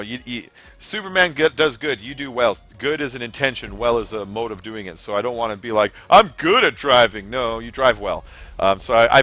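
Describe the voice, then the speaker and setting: A man's voice: medium pitch, bright, forceful tone. A young American man chatting casually while hosting a game live stream, rambling and laughing at his own jokes. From United States. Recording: faint background music.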